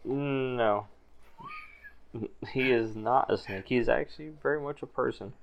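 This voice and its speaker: A man's voice: medium pitch, measured pace, vocal fry, lo-fi sound, a little hiss or hum. A man narrating as game master of a tabletop game, describing scenes in loose, easygoing storytelling.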